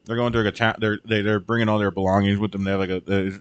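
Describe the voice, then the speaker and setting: Low-voiced man rambling through a movie plot. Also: little pitch movement, racing, clean tone, dry recording, highs cut off. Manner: rambling, swears a lot, acts out characters' lines. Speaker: podcast host. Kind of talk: casual chat retelling a movie.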